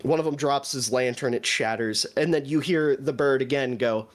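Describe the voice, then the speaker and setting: A man narrating a tabletop role-playing game as game master, describing scenes in an animated way. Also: mid-range voice, normal speed, few pauses, soft background music.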